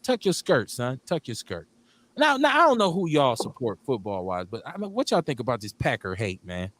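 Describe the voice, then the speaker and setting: A middle-aged man from Milwaukee, hosting a casual radio talk show in an animated, profane way, laughing often. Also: medium pitch, a little fast. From Milwaukee, Wisconsin. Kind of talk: casual chat.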